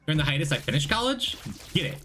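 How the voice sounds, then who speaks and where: A male streamer with a bright, forceful voice that swings widely in pitch as he rambles. He chats casually while gaming, joking and answering chat, with faint music under him. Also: very animated, very fast.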